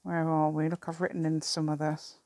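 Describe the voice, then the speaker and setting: Chatty, rambling woman crafter, lowish voice. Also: level tone, fairly quick, darkish tone, dry recording. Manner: rambling, chatty, laughs often, mutters asides to herself. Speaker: craft video maker. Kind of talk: casual chat while crafting.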